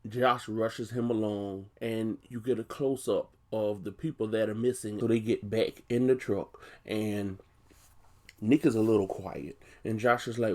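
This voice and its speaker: Casual male film recapper, lowish mellow voice, rambling and conversational. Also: fairly even intonation, a little slow. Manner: chatty, loose and conversational, full of "you know" asides. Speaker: movie reviewer. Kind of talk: casual movie plot recap.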